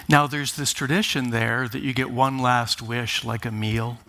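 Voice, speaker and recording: A man giving a conference talk, speaking deliberately and with emphasis, opening with wry jokes. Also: medium pitch, fairly even intonation, bright, forceful tone. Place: conference stage.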